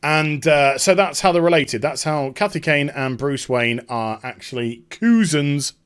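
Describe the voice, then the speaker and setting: A man hosting a video commentary, mocking and sarcastic, with casual swearing. His voice swings widely in pitch and is a touch higher than most men's. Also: expressive, measured pace, fairly bright tone, clear, resonant tone. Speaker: YouTube commentator.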